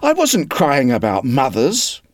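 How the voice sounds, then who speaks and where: A man's voice: mid-range voice, wildly swooping pitch, dry recording, clean studio sound, pitched above the performer's own voice. A man voicing a proud, polite boy in a read-aloud storybook, speaking firmly with a touch of boasting. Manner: brisk, firm and boastful. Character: proud polite boy who never grew up.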